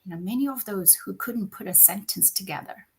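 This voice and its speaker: A middle-aged woman from China, a podcast guest and company founder, telling her story in an animated, conversational way and often checking in with "right?". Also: mid-range voice, brisk, vocal fry, husky. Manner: animated, frequent "right?" tag questions.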